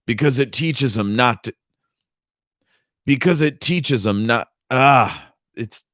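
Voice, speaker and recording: A man's voice: mid-range voice, slow pace, a bit bright, no echo, studio quality, voice pushed up. A man reading aloud, voicing a crude, swaggering male official who boasts and leers. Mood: boastful. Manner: brash, leering, boastful. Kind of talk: audiobook reading with character voices.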